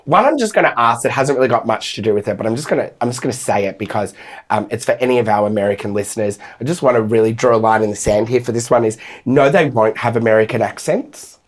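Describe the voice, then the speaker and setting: A man co-hosting a casual podcast, telling stories in a blunt, sweary, animated way. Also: mid-range voice, quick pace. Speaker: podcast co-host.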